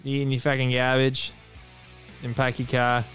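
A man's voice: medium pitch, monotone, normal speed, fairly bright tone, faint music behind, lightly acted. A man putting on a brash mock-Boston guy. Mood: rowdy.

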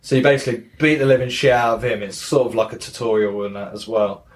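A man with a lowish voice hosts a casual gaming podcast at a quick pace. He rambles through stories, swearing plenty and acting out quotes as he retells them.

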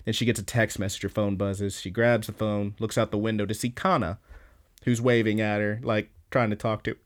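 A man co-hosting a podcast, casually recapping an anime episode with lots of fillers and quick laughs. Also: lowish voice, level tone. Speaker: podcast co-host.

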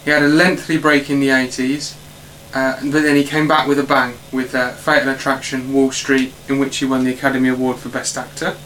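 A man hosting a casual film podcast, reading out facts in a halting way with many fillers. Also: mid-range voice, little pitch movement, fairly bright tone, a little hiss or hum, rough recording. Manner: halting, filler-heavy delivery. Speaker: podcast host.

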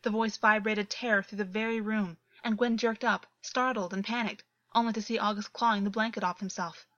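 A woman narrating a story in a steady, earnest reading voice, on a dull, lo-fi recording. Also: medium pitch, a little fast, no room sound. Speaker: audiobook narrator.

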